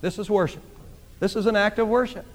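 A man's voice: high-pitched, fairly even intonation, brisk. A man preaching a sermon, speaking emphatically and repeating phrases for emphasis. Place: church sanctuary. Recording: long church reverb.

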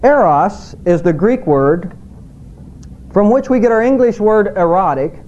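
A middle-aged male pastor preaching a sermon in a measured way, slowing down when he quotes scripture. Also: high voice, expressive, darkish tone, lo-fi sound, slight background noise.

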